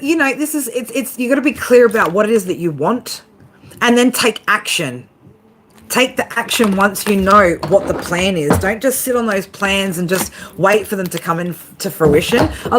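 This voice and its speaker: A woman's voice: medium pitch, noisy background. A woman giving a casual tarot reading to her viewers, swearing freely, laughing often and talking straight to them. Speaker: tarot reader.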